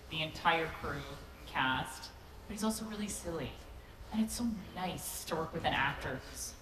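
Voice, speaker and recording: A woman with a low voice speaks on a convention panel, teasing and self-mocking and quick to laugh. She talks into a handheld microphone, and her voice rings through a big echoey hall with a long tail. Steady crowd noise sits under every word. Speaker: actor answering fan questions on a convention panel. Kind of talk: relaxed, joking panel talk. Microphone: handheld microphone on stage.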